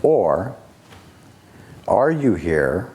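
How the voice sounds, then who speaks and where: Male spiritual teacher, deep and unhurried, measured delivery with long pauses. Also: sing-song, warm tone. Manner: slow, deliberate, with long pauses and rhetorical questions.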